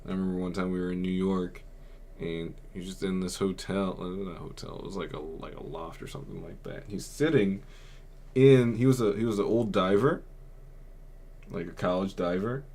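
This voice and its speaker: A man's voice: low voice, moderate pace, darkish tone. A young man hosting a podcast, telling a personal story in a rambling, subdued way, full of filler words. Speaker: podcast host. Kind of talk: casual storytelling.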